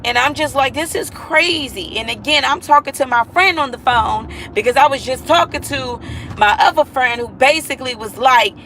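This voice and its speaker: A woman's voice: sits high, moderate pace, fairly bright tone, a little hiss or hum, low-quality recording. A mother talking to viewers in a casual vlog monologue, earnest and emphatic, repeating herself and pleading with listeners.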